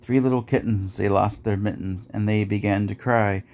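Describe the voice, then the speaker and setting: A man's voice: on the low side, steady tone, normal speed, hardly any pauses, darkish tone. A man reading nursery rhymes aloud in a rhythmic, sing-song way, as host of a podcast.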